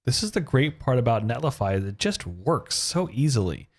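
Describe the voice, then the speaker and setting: A man hosts a screen-recorded coding lesson and narrates each step as he types it. His delivery is upbeat, and his pitch moves up and down a lot. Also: big pitch swings, moderate pace. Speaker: web design tutorial host.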